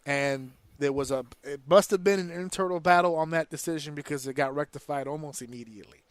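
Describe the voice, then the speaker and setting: A man hosting a casual podcast, ranting in an animated, profane way. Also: fairly high pitch, quick pace, smooth, no echo. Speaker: podcast host.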